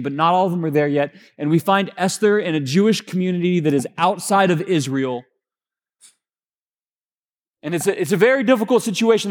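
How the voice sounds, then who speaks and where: A man with a high-pitched voice preaches a sermon, spinning an anecdote in relaxed, conversational language full of restarts. His delivery drops to quiet, hushed tones for emphasis. The sound carries the long reverb of a church sanctuary. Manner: conversational, with frequent fillers and restarts. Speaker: pastor.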